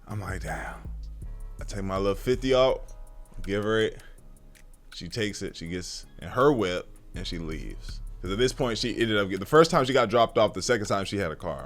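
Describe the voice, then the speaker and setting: A man telling a personal story in a casual storytime monologue, profane and slangy, animated, with sudden hushed drops. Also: on the low side.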